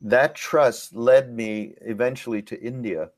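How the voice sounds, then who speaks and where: A man hosting a webinar Q&A, speaking reflectively and unhurriedly, often pausing to search for words. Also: mid-range voice, steady tone, dry recording. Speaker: host. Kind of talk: webinar Q&A conversation.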